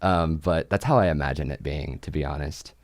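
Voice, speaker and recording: Low-voiced playful young man. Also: brisk, no room sound, clean studio sound. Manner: playful, sarcastic, giggly asides. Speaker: college radio show host. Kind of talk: casual joking chat.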